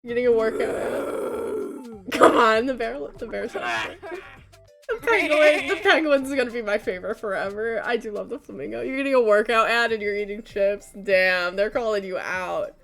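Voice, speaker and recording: A woman's voice: on the high side, moderate pace, creaky, fairly bright tone, faint music behind. A young woman streaming a game, chatting casually with her chat and laughing often. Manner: chatty, giggly, talking to chat.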